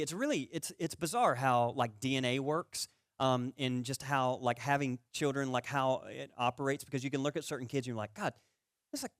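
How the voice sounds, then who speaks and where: A man's voice: mid-range voice, clean tone, no room sound, studio quality. A man preaching a sermon as a pastor, talking conversationally, asking the audience questions and acting out stories from his childhood. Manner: storytelling, animated with rising volume in anecdotes.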